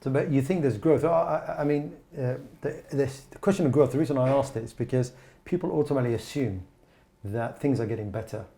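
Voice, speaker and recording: A man's voice: medium pitch, fairly quick, vocal fry, warm tone. A man hosting a panel discussion, asking guests probing, layered questions. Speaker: host, interviewer.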